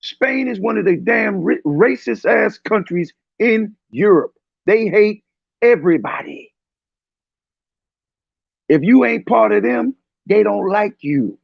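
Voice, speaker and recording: A man's voice: high-pitched, gravelly, husky, no room sound. A man in his fifties speaking in a heated online discussion, preachy and confrontational, raising his voice at times, over dull lo-fi stream audio. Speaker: panel speaker.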